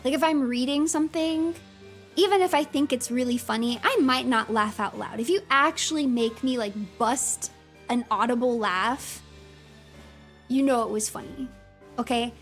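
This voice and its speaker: A fairly high-voiced woman gives excitable livestream commentary, gushing and laughing as she talks, with plenty of "like" and "um". Soft music plays quietly behind her. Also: moderate pace. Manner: excitable and gushing, laughs often, many fillers. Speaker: streamer.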